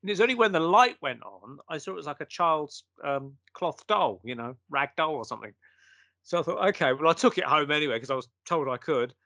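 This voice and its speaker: A man, a guest in a conversation, telling a long story and acting out what people said. His voice sits a little high and sounds bright, with wide swings in pitch. The sound is close and dry. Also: brisk, creaky, dry recording. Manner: animated storyteller acting out quotes. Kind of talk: casual anecdote in conversation.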